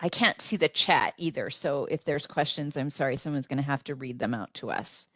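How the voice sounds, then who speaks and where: A woman's voice: rumbling low, a little fast, fairly bright tone, no room sound. A woman speaking on a panel over a video call from home, hesitant with many ums and restarts. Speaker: panelist on a remote link. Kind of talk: panel discussion.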